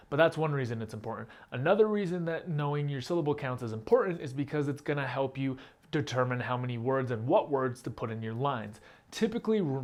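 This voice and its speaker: A man hosting his own channel, explaining a rap technique step by step in a plain, direct, casual way. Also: medium pitch. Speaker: rap teacher and channel host. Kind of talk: casual instructional talk to camera.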